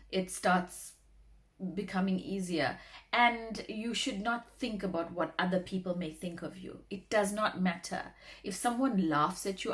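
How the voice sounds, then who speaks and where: A woman, a former radio talk show host, giving earnest, encouraging advice in a motivational vlog, often repeating words for emphasis. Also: on the low side.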